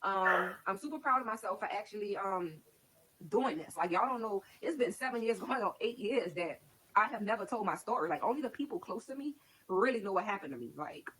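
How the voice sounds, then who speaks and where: A woman's voice: mid-range voice, lively intonation, fairly quick, a bit bright, breathy edge, low-quality recording. A woman casually telling her own life story to her stream viewers, candid and rambling, with lots of "like". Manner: candid, rambling, heavy use of "like". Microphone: streaming setup.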